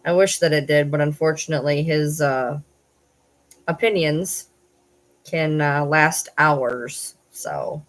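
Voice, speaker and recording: A woman's voice: low-pitched, takes it slowly, low-quality recording. A young woman vlogger chatting casually on a livestream, talking to viewers and baby-talking to her dogs.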